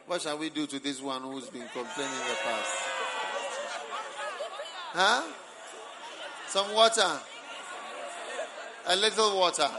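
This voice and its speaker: A Ghanaian man preaching as a bishop, his voice sitting high for a man. He teases the congregation and swings into loud, laughing shouts. The sound is a live recording, with a crowd murmuring and steady noise behind him. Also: takes it slowly, long pauses. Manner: teasing, animated, bursts into shouts and laughter. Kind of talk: lively sermon with banter. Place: large church camp gathering.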